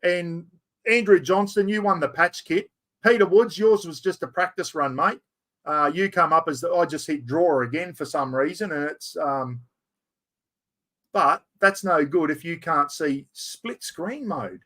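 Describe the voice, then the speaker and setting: A man with an Australian accent and a fairly high-pitched voice talks straight to his live chat. He rambles cheerfully, laughs at his own fumbling, and keeps calling out to everyone watching. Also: a little slow. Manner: chatty, self-mocking, talks to viewers while fumbling with software. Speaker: livestream host. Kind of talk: casual live stream chat.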